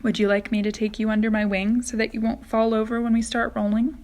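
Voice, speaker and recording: A woman voicing a kind and gentle female ladybug who patiently explains things in a storybook reading. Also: on the high side, monotone, fairly quick, close to an everyday voice. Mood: kindly. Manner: kindly, explaining.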